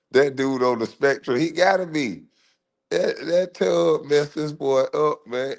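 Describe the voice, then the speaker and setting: Taunting man ranting. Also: mid-range voice. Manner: loud, taunting, repetitive rhetorical questions, frequent laughs. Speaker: host. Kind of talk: roast rant.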